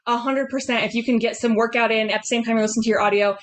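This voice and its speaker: A woman's voice: a little high, steady tone, rapid-fire, a little hiss or hum. A woman business coach giving upbeat, chatty sales coaching on a group video call, laughing often.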